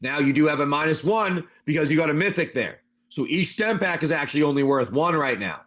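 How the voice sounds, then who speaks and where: A man's voice: on the high side, animated, fairly quick, fairly bright tone. Rambling man game master. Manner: loose, rambling, addresses players by name. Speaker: game master and stream host. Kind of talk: live-streamed tabletop game narration.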